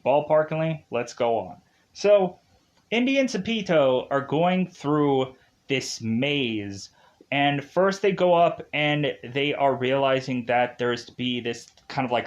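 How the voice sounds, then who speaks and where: Slow-talking, rambling man reviewing a film. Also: medium pitch. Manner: rambling, filler-heavy, chuckles at his own jokes.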